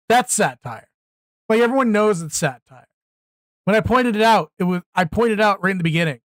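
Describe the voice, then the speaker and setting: A man's voice: fairly high pitch, animated, normal speed, no room sound. A man hosting a live reaction stream, talking bluntly and exclaiming, often repeating himself when worked up. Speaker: streamer host.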